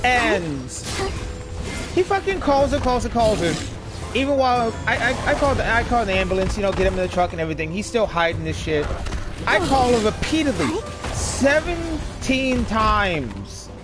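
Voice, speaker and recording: A man streaming a video game, telling stories casually in an animated, profane way. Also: high-pitched, moderate pace, music in the background. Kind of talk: casual chat while gaming.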